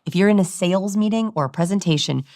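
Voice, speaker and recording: A woman's voice: mid-range voice, quick pace, no echo, studio quality. A woman, a body language expert, explaining ideas in a podcast interview and acting out quoted dialogue. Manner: animated, acts out quoted dialogue.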